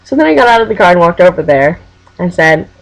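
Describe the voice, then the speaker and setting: A young woman in her college years talks straight into her webcam, chatty and a little scattered as she recaps things for her team. Her voice sits on the lower side, and she drifts into giggles and restarts. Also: big pitch swings, fast, low-quality recording. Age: young adult. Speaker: Quidditch team captain. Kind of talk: casual webcam vlog.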